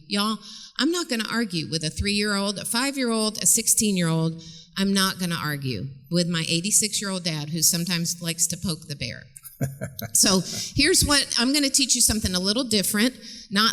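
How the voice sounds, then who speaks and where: A middle-aged woman speaks from the stage of a large church. She is chatty and animated, tells stories, and slips into other voices with frequent laughs. Her voice sits at an ordinary pitch and trails off into a long hall reverb. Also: moderate pace. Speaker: guest speaker and parenting teacher. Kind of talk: church talk with storytelling.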